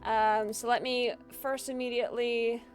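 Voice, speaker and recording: A woman's voice: a little high, flat delivery, a little slow, soft background music. A woman streamer giving chatty, casual gaming commentary, giggling often and swearing casually.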